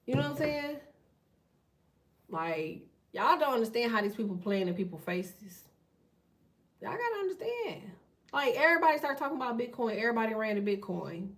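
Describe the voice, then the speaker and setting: A woman hosting a tarot channel, talking in a blunt, profane, fast casual rant. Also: on the high side, animated, recorded from a distance. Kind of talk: casual ranting monologue.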